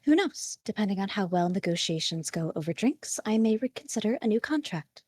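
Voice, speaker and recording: A woman's voice: medium pitch, expressive, fairly quick, darkish tone, natural voice. A woman doing a haughty little viceroy. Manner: lofty, formal, mock-haughty. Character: small proud female acting viceroy, haughty and playful.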